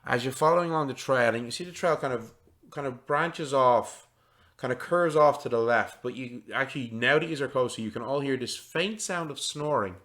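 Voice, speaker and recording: A man running a tabletop role-playing game, speaking at an ordinary middle pitch. His narration rambles, full of "kind of" and restarts as he sets each scene. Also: brisk, fairly bright tone. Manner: rambling, many fillers and restarts. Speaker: game master.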